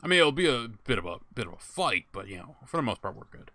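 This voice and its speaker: A man's voice: medium pitch, big pitch swings, quick pace, sharp tone. A young man casually commenting while he plays a game, thinking aloud and laughing at himself. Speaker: streamer playing a game.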